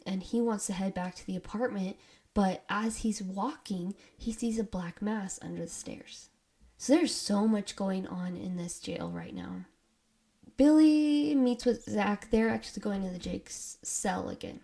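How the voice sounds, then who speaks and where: A woman hosting a podcast, retelling ghost-hunting stories in a casual, excitable way with frequent laughs. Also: medium pitch. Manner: excitable, giggly, says "creepy" a lot. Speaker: podcast host.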